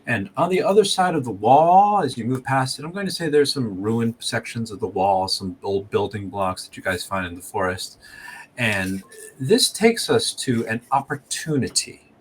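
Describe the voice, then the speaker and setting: A man's voice: medium pitch, expressive, normal speed, a little hiss or hum. A man running a tabletop game as game master, describing scenes and explaining rules.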